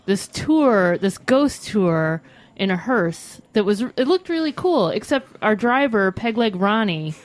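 A woman's voice: medium pitch, sing-song, a little slow. A woman co-hosting a radio talk show, telling sardonic travel stories and laughing as she talks. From Pennsylvania. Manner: sardonic storytelling, laughs while talking. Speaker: co-host. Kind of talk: casual banter.

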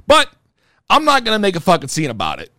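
A man's voice: sits high, huge pitch swings, fast, bright, forceful tone, dry recording, clean studio sound. A young man casually telling a heated, profane story about a show that went wrong. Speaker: performing rapper telling a story.

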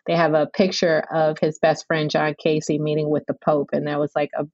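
A woman's voice: low voice, level tone, fairly quick, darkish tone, dry recording, highs cut off. A woman from Chicago hosting a casual interview, chiming in with affirmations and sharing memories. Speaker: host.

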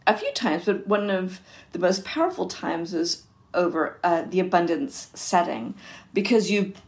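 A woman's voice: on the low side, lively intonation, measured pace. A woman interviewing a guest, affirming her answers and asking the next question. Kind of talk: casual interview.

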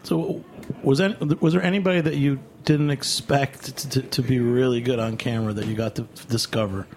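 A man's voice: mid-range voice, fairly even intonation, moderate pace, a little mellow, a little hiss or hum. A male radio host asking probing, teasing questions in casual chat.

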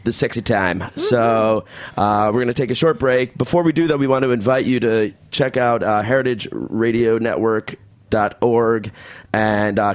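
A man's voice: medium pitch, no room sound. A man in his thirties co-hosting a radio talk show, talking candidly and rambling. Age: 30s. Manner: candid, rambling, self-deprecating. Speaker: co-host.

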